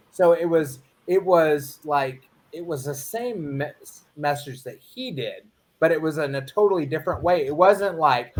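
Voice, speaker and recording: A man's voice: fairly high pitch, measured pace. A man co-hosting a casual chat, telling a long story and acting out the quotes along the way. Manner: rambling, storytelling with acted quotes. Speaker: co-host.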